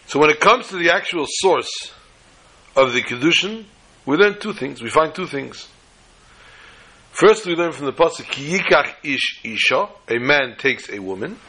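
A man teaching a Torah class, telling a story with acted-out quotes and Hebrew terms in a husky voice. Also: mid-range voice, pushed and bright.

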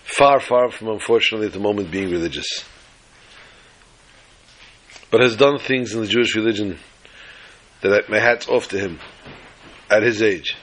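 A man telling a religious tale in a sermon, animated and dramatic, with a husky voice. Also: on the low side, normal speed, pauses often, a little hiss or hum, low-quality recording. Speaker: religious storyteller. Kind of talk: storytelling sermon.

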